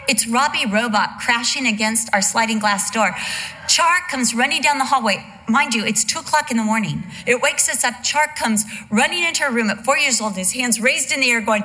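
An older woman preacher with a bright, slightly high voice, preaching a sermon full of family stories. She is animated and expressive, acts out the voices of the people in her stories, and uses dramatic pauses. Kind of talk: sermon with storytelling.

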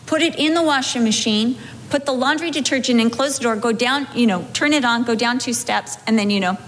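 Animated high-voiced woman storyteller. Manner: animated, acts out scenes with sudden dramatic shifts. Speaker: pastor's wife telling a personal story. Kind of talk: humorous storytelling talk. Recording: echoey hall with faint background noise.

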